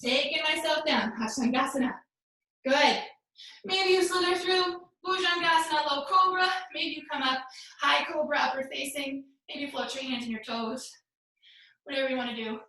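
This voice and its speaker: Bright high-voiced yoga teacher, breathless. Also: female voice, moderate pace, heavy reverb, distant mic, low-quality recording. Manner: upbeat cueing, sings some cues, laughs at herself. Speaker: yoga instructor. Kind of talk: live yoga class cueing. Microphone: laptop mic over a hotspot.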